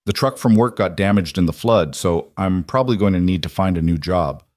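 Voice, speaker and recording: A man's voice: sits low, brisk, a little mellow, no echo, studio quality, close to an everyday voice. A man voicing a struggling single father in a read-aloud story, speaking tenderly and reassuringly. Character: struggling single dad, gentle and honest. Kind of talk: storybook narration.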